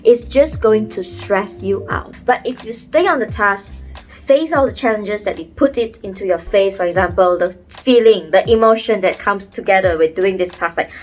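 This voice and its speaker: A woman's voice: medium pitch, moderate pace. A young woman talking earnestly to camera and giving advice, acting out the thoughts she quotes. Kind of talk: motivational talk to camera. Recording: faint music behind.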